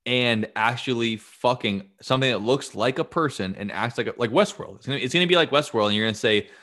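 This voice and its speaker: A man's voice: medium pitch, fast talker. A man in his late twenties co-hosting a casual podcast chat, emphatic and profane, often acting out quotes. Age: late 20s. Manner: animated, emphatic, heavy swearing, acts out quotes. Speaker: podcast co-host.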